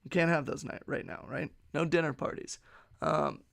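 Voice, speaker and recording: A man's voice: on the high side, steady tone, normal speed, vocal fry, a bit bright. A man teaching an ethics class on a livestream in a casual, joking way. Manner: joking, chatty, slips into mock French and German voices.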